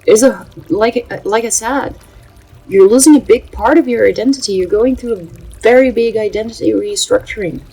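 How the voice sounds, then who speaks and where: A woman's voice: on the high side, mellow, slightly rough, soft background music, poor audio. Earnest woman. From Brazil. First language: Portuguese. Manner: earnest, halting, many filler pauses. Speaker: spiritual channel host. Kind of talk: casual spiritual vlog talk.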